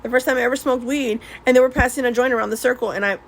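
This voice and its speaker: A woman's voice: a little high, fairly even intonation, very fast, slight background noise, low-quality recording. A middle-aged woman talking candidly to her viewers, rambling and restarting often with laughs between thoughts. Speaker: beauty vlogger swatching nail products. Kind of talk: casual confessional chat.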